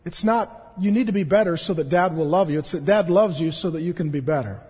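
A man in his thirties preaching a sermon as a pastor, animated and joking as he tells stories. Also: high-pitched, a little fast, slightly rough. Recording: dull, echoey hall recording.

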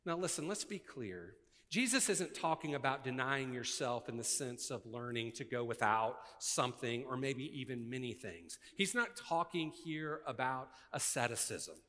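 A man's voice: medium pitch, expressive, normal speed. Preaching man in a reverberant hall. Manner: swings from loud preaching to hushed intensity. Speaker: pastor. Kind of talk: sermon.

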